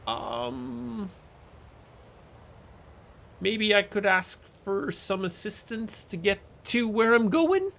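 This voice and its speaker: A man's voice: high-pitched, lively intonation, slow, vocal fry, long pauses, fairly bright tone, pitched above the performer's own voice, full character voice. A man voicing a nervous, refined young woman who speaks politely and hesitantly in a tabletop game. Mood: uneasy, polite.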